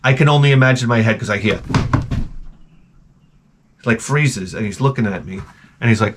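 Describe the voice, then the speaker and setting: A middle-aged man hosting his channel, telling a comic story in a profane, animated rant full of restarts. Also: medium pitch, moderate pace, pauses often, slight background noise. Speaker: host.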